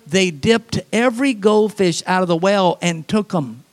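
A man preaching a sermon, telling folksy, humorous stories and laughing at them, swinging from animated to quiet and soft for emphasis. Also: high voice, moderate pace. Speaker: pastor.

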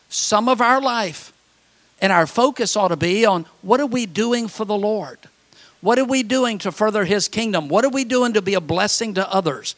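High-voiced pastor preaching a sermon. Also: male voice, fairly bright tone. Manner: storytelling with acted quotes and dramatic pauses.

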